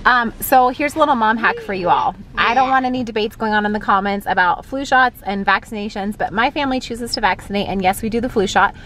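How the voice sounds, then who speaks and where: A woman's voice: a little high, fast, few pauses, a bit bright, a little hiss or hum. A woman in her thirties chatting casually to a handheld phone camera from a parked car, rambling through her day's plans. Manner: chatty and rambling, thinking aloud about plans. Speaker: family vlogger.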